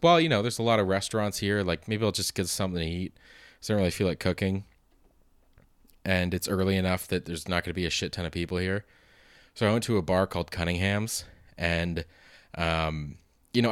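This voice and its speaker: A man with a sore throat talks in a loose, rambling monologue, poking fun at himself and swearing freely. His voice sits very low. The recording is dry, with no room sound. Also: no echo. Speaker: vlogger. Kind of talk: casual monologue.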